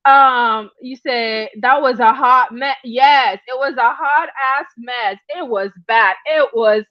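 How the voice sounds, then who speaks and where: A high-voiced woman gossips casually to her livestream viewers and breaks off to greet them by name. She laughs a lot as she tells the story. The sound is dry and dull, like lo-fi stream audio. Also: slow pace, no room sound. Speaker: livestream host.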